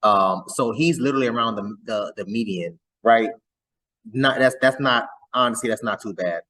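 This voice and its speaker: A man's voice: mid-range voice, moderate pace, pushed and bright, low-quality recording. A man hosting a reaction video, chatting casually and often repeating words as he stumbles through his thoughts.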